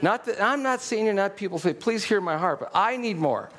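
Animated middle-aged man preaching. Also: high-pitched, brisk. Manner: animated, storytelling, exhorting. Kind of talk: sermon.

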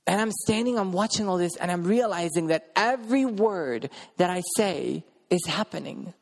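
A man's voice: sits high, lively intonation, moderate pace, vocal fry. Guy giving a sermon, telling his story all earnest, big hall echo on it. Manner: earnest, recounts events in vivid present tense with restarts. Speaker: preacher sharing a testimony.

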